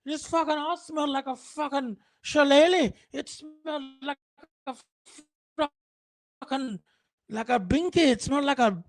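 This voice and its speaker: A man putting on a shrill, disgusted Irish man who curses as he complains. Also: unhurried, rough recording. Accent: put-on Irish. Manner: crude, cursing.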